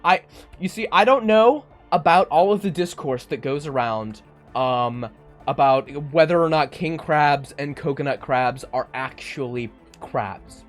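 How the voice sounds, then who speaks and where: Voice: mid-range voice, a little slow, faint music behind. A streamer chatting casually on a live stream, joking and laughing often between lines. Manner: joking, laughs often, mock-tearful bits.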